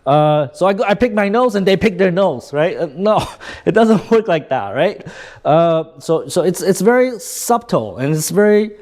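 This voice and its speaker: A man's voice: sits high, expressive, normal speed, darkish tone. A man teaching sales communication in a casual, plain-spoken way, constantly checking in with "right?" as he demonstrates gestures.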